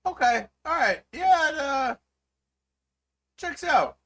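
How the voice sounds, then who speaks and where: A man voicing a flustered male goblin bank guard in a tabletop game, high and panicky. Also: animated, slow, a bit bright, exaggerated voice. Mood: nervous.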